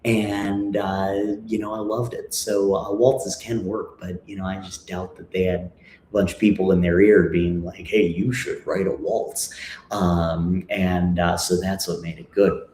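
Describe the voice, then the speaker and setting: A man's voice: low voice, little pitch movement, darkish tone, a little hiss or hum. A man in his thirties from Minnesota, chatting casually between songs on his livestream and often stopping on fillers. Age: 30s. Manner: halting, full of "uh" and "you know" fillers. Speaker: musician hosting a livestream. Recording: echoey room with faint guitar.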